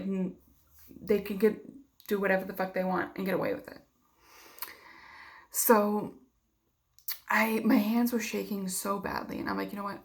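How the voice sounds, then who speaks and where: A woman's voice: medium pitch, gravelly. A young woman vlogging, telling a personal story in a heated, casual way with lots of swearing and filler words.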